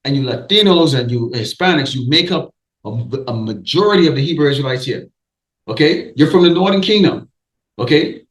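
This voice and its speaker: A man's voice: a little high, lively intonation, fairly quick. Emphatic preaching man, echoey room. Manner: emphatic, repeats okay and restarts often. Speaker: street preacher. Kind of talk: preaching sermon.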